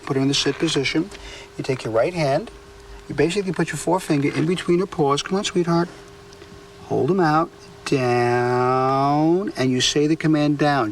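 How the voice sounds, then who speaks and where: A man's voice: mid-range voice, vocal fry, a bit bright. Firm man coaching a dog handler. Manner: firm, coaching, short commands. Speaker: dog trainer. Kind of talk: hands-on training demonstration. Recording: distant mic with faint outdoor noise.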